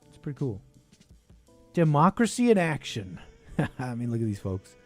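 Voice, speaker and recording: A man's voice: medium pitch, very animated, normal speed, darkish tone, soft background music. A man hosting a call-in show, talking casually and rambling, with frequent chuckles and trailing thoughts.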